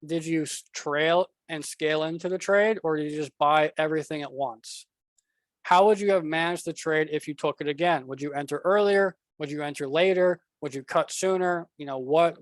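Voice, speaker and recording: A man's voice: on the high side, no room sound. A man coaching traders in a casual, blunt talk over slides, often repeating himself and addressing the viewer directly. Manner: blunt, repetitive, talks straight to the viewer. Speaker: trading coach.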